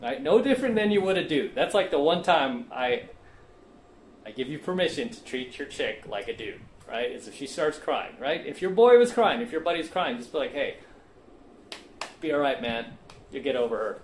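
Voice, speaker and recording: A man's voice: a little high, big pitch swings, moderate pace, slight background noise. A man hosting a dating-coaching video and speaking emphatically to the camera, often asking "right?". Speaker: dating coach and channel host. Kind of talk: direct-to-camera coaching monologue.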